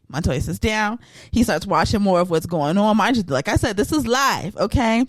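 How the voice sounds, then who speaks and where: A woman hosting a casual podcast chat, retelling a story with lively energy and acting out the voices of the people in it. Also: medium pitch, moderate pace, no echo. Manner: animated storyteller who acts out voices. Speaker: podcast host.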